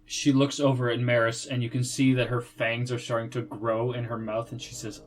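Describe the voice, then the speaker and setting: A man's voice: medium pitch, level tone, moderate pace, few pauses, faint music behind, low-quality recording. A man narrating a tabletop game as game master, describing the scenes in a casual way.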